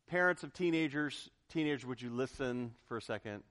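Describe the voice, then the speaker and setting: A man preaching a sermon, swinging from hushed, low asides to loud, excited exclamations. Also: a little fast, hardly any pauses. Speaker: pastor.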